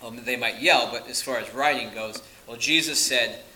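Male pastor, very bright tone, earnest emphatic delivery. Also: medium pitch, normal speed, rough recording. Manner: earnest preaching with emphatic repetition. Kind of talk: sermon.

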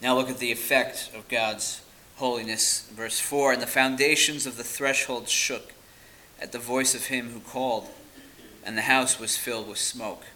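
A man's voice: medium pitch, steady tone, normal speed, sharp tone, a little hiss or hum, rough recording. A man preaching a sermon, earnest and emphatic, often repeating words for weight. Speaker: pastor.

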